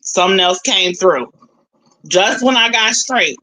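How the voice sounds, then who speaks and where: A young woman live streamer in casual chat, animated and talkative, switching between low mutters and loud outbursts. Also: unhurried, rough recording. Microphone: phone.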